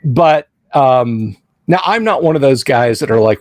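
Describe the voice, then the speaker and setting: A man's voice: mid-range voice, expressive, unhurried, dry recording, clean studio sound. A middle-aged American man hosting a casual live-stream chat, telling rambling stories full of asides and restarts. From United States. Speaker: podcast host.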